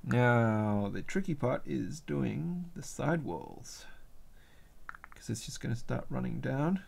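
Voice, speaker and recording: A man's voice: mid-range voice, takes it slowly, gravelly, a little mellow, slightly rough. A man with an Australian accent chatting casually on a livestream while he works on a craft project, rambling and musing aloud. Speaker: livestream host.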